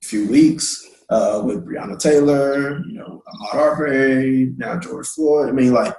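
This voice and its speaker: A man's voice: medium pitch, measured pace, creaky, a little mellow, echoey room, poor audio. A man telling a personal story in a casual discussion, acting out the voices he quotes. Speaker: guest.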